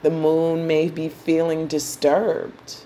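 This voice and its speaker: A woman's voice: low voice, completely flat delivery, takes it slowly, warm tone, slight background noise. A woman astrologer teaching in a casual, chatty, playful way and explaining step by step.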